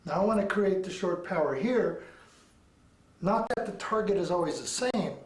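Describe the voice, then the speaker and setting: A man teaching a martial arts lesson in an instructional demonstration, animated and punctuating his points with sound effects. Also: sits high, moderate pace. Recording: echoey room, mic far off.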